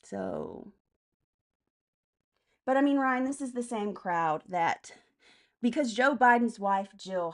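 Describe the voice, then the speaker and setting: Blunt woman streamer answering chat. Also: medium pitch. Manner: blunt and profane, answers chat commenters by name. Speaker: live stream host. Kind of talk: casual political live stream, reading chat comments.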